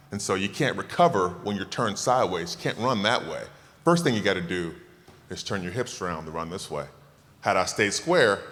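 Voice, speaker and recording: Here a man in his fifties from Tallahassee, Florida, is the keynote speaker, answering a dinner crowd's questions in a relaxed Q&A. He's emphatic and sure of himself, cracking jokes, his low voice coming across bright and forceful. The recording has a banquet hall's long reverb.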